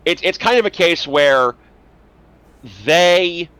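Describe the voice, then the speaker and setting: A man co-hosting a casual podcast, ranting in an animated way and swearing heavily. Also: on the high side, slow pace, clean tone, no echo, low-quality recording. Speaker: podcast co-host. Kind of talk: casual chat.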